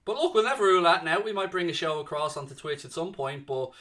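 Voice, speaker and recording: A man's voice: fairly high pitch, fast talker, pushed and bright. A man hosting a live football watchalong who chats casually and reads viewers' comments aloud.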